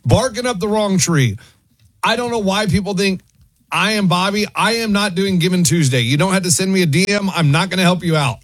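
A high, husky male voice, close and dry in a studio. He co-hosts a radio show and talks bluntly, sounding exasperated in casual banter. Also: fairly quick, fairly bright tone, no echo, rough recording.

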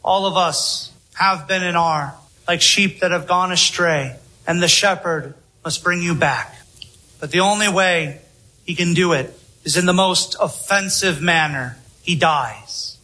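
A male preacher delivering a solemn sermon, his voice high and bright with a slightly husky edge. He speaks slowly and with emphasis, letting long pauses hang between phrases. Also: rough recording.

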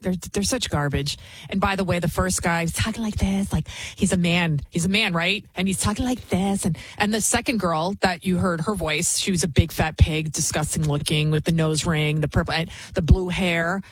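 A woman's voice: lowish voice, steady tone, moderate pace, husky, dry recording, poor audio. A woman hosting a commentary show, talking in a heated, emphatic and repetitive ranting manner while introducing clips. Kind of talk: opinionated commentary.

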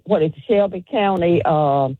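A woman's voice: on the low side, normal speed, no echo. A woman calling into a radio show, firm and emphatic, repeating her points. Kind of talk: call-in radio opinion. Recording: tinny phone line.

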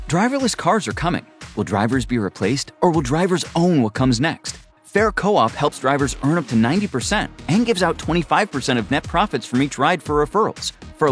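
A man's voice: fairly high pitch, big pitch swings, moderate pace, faint music behind. A man reading an ad in an urgent, persuasive way. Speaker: ad announcer. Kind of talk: scripted ad read.

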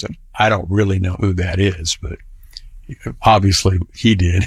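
A man's voice: deep voice, steady tone, unhurried, pauses often, breathy edge, dry recording. An older man telling a personal story in a casual, folksy manner, often restarting his sentences. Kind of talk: recounting a personal anecdote.

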